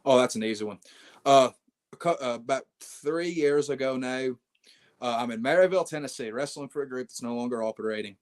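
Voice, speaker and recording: A man's voice: medium pitch, brisk. A brash young man, a wrestling champion, telling swaggering stories in a casual interview and calling people mate.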